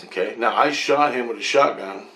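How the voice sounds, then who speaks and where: A man's voice: mid-range voice, moderate pace, creaky, a bit bright, slight background noise, rough recording. A man telling a rambling first-person story with profanity and restarts. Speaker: vlogger.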